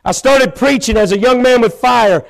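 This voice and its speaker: A man preaching a sermon in a church, telling his own story with feeling and rising to loud pleading. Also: very high voice, normal speed, vocal fry. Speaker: pastor. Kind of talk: sermon testimony. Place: church sanctuary.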